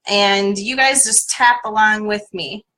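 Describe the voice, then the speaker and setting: A woman's voice: mid-range voice, steady tone, a little slow, sharp tone, low-quality recording. A woman coach guiding listeners through a tapping exercise on a live stream, repeating a name again and again for them to follow.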